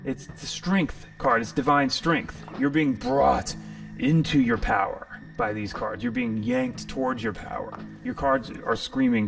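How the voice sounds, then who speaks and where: A man's voice: mid-range voice, sing-song, a little slow, vocal fry, fairly bright tone, distant mic, soft background music. A man hosting a live tarot reading stream, rambling and jokey, sometimes profane. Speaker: tarot reader and stream host.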